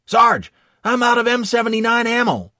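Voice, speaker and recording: A man's voice: very high voice, big pitch swings, normal speed, pushed and bright, no echo, studio quality, pitched above the performer's own voice, heavily acted. A man voicing a brash eighteen-year-old soldier who bellows defiantly in the middle of combat. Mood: frantic.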